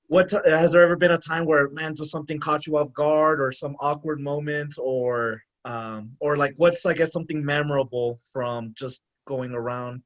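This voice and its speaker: Halting podcast co-host, man. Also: a little high, steady tone. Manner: halting, many fillers and restarts, laughs a lot. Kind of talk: casual interview questions. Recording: dull lo-fi podcast audio.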